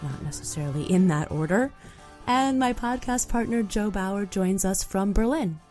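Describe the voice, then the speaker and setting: A woman hosting a travel podcast, talking in a frank, animated way with plenty of "like" in her conversational speech. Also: medium pitch, normal speed, faint music behind. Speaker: podcast host.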